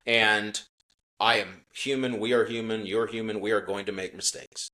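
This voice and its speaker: A middle-aged menswear CEO, appearing as a podcast guest, tells a customer-service story in a relaxed interview. His voice is lowish and his speed normal. He is earnest, acts out the quoted dialogue, and restarts his sentences many times.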